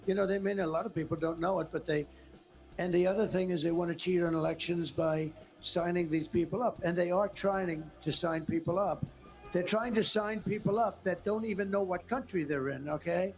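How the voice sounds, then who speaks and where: A man's voice: sits high, a little mellow. A man as an interview guest, speaking about politics in an emphatic, repetitive, rambling way. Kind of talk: interview conversation.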